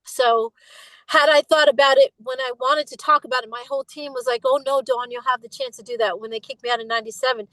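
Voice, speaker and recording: Speaking fast in a high, bright, forceful voice with fairly even intonation, this middle-aged woman is a guest in a candid interview. She gets emphatic and impassioned, imitating other people when she recounts their words. The audio is dry and low-quality.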